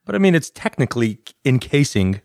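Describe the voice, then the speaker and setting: A man's voice: mid-range voice, big pitch swings, brisk, vocal fry, a little mellow, no room sound, studio quality. A man co-hosting a casual podcast, laid-back and rambling, with easy jokes and fillers. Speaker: podcast co-host. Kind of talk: casual chat.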